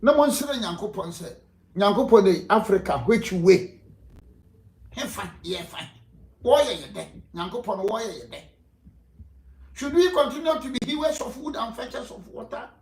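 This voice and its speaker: Speaking in a reverberant space, this political guest has a high-pitched, animated voice and an unhurried pace with frequent pauses. With a Ghanaian accent, he answers interview questions passionately and rhetorically in a blend of Twi and English, laughing often between points.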